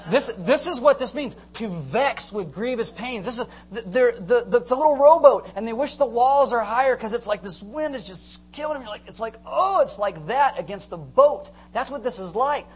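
A man preaching a sermon to a congregation, animated, acting out scenes and joking with the crowd. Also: extremely high pitch, moderate pace, few pauses, slightly rough. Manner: animated, acts out screams and jokes with the congregation. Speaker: pastor.

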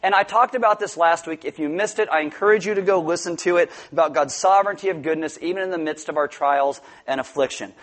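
A male pastor with a notably high voice delivers a sermon. He talks to the congregation in a loose, joking way and now and then breaks into loud outbursts. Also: fast talker, few pauses. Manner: joking, conversational preaching with sudden loud outbursts. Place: church before a congregation.

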